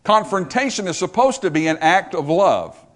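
A man's voice: high-pitched, very animated, normal speed. A man preaching a sermon, emphatic, rising and dropping his voice for effect. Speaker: pastor.

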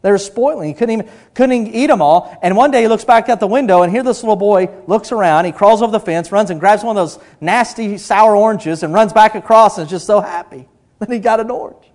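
Animated preacher man, higher-pitched voice. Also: fast. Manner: animated storytelling, drops to a hush for emphasis. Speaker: pastor. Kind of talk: sermon.

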